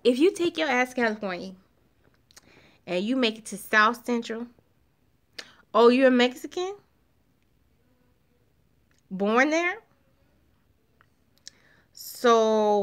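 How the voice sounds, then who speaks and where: Slow, slangy, laughing woman chatting with viewers. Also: on the high side, animated. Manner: loud, slangy, laughs often, talks to chat. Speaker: livestream host chatting with viewers. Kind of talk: casual chat reading live comments.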